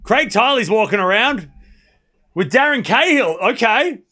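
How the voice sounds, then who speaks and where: A man's voice: very high-pitched, lively intonation, measured pace, sharp tone. A man hosting a live watchalong stream, calling the play and reacting bluntly, swearing freely. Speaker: streamer host.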